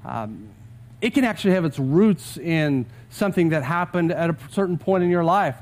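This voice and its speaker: A pastor preaching a sermon with a Texan accent, urging the congregation to repeat scripture aloud with him. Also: male voice, fairly high pitch, lively intonation, normal speed, a little mellow.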